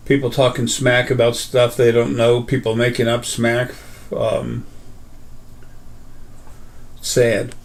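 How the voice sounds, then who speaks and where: A man's voice: mid-range voice, gravelly, darkish tone. Rambling man in a casual monologue. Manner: rambling, many fillers and restarts. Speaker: host.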